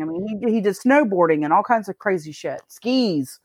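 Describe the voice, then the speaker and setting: This co-host talks casually on a podcast, cursing her way through stories and breaking into laughter a lot. Her mid-range voice has lively intonation and a darkish tone at a normal speed. It's a studio-quality recording without room sound.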